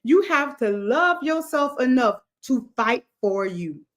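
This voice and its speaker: A woman's voice: high-pitched, lively intonation, slow. A woman hosting a motivational livestream, talking to her chat in an emphatic, repetitive cadence like a preacher. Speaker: livestream host.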